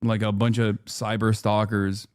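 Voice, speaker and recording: A man's voice: lowish voice, level tone, a little slow, clear, resonant tone, dry recording, studio quality. A man giving casual political commentary in a scornful, rambling rant, heard in a clip played from a stream.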